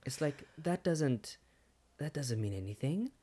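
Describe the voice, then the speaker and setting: A man's voice: fairly high pitch, unhurried, husky. A man in casual conversation, talking earnestly and reflectively about personal experiences. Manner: earnest, reflective, animated when retelling.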